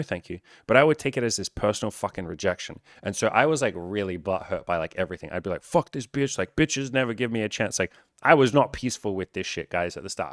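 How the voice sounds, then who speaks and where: A man's voice: on the low side, dry recording, studio quality. A young man talking casually to camera as a dating coach, candid and full of swearing and filler words.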